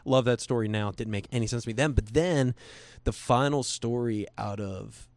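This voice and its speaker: A man's voice: mid-range voice, normal speed, darkish tone, no echo. A man earnestly telling a personal faith story in casual conversation, rambling with restarts and slipping into quoted voices.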